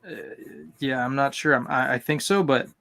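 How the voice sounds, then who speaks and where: A man chatting as a guest on a livestream, unsure of himself, with lots of pauses and restarts. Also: medium pitch, pushed and bright. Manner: hesitant, lots of ums and restarts. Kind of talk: casual chat.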